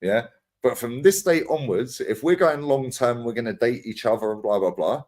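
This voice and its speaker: A man talks in casual podcast chat, acting out quotes and swearing freely. His pitch jumps around a lot as he tells his stories. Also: moderate pace. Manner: animated storytelling, acts out quotes, swears freely, lots of slang. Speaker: podcast co-host.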